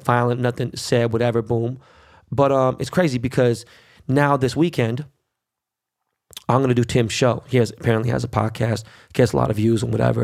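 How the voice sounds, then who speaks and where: A man's voice: medium pitch, creaky, a little mellow. A man hosting his own podcast, delivering a blunt, combative monologue full of swearing and rhetorical questions. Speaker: podcast host. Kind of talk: profane monologue rant.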